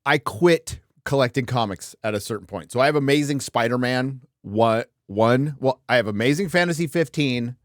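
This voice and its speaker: A man in his fifties hosts a relaxed live chat, rambling and swearing freely between jokes. His voice sits at an ordinary middle pitch for a man. The sound is close and dry, with no room echo. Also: normal speed, few pauses. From Southern California. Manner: crude, rambling, joking. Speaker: host. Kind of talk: casual livestream chat.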